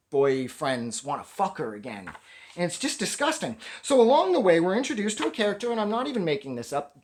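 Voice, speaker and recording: A man giving a casual, rambling review of a comic book. He swears often and sounds exasperated. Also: on the high side. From Canada. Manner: animated, rambling, profane, exasperated.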